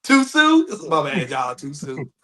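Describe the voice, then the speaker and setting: A man's voice: fairly high pitch, huge pitch swings, a little slow, crowd noise. A man co-hosting a podcast, chatting casually and joking around, often slipping into playful put-on voices. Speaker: podcast co-host. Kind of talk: casual comedic chat.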